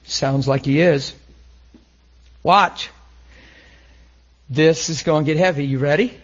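A man preaching a sermon, emotional, swinging between loud and hushed. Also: a little high, takes it slowly, muffled recording.

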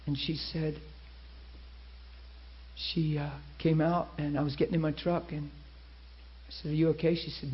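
Animated male preacher telling a story. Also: a little high, a little slow, pauses often, highs cut off. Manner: animated storyteller acting out quoted people. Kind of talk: sermon storytelling.

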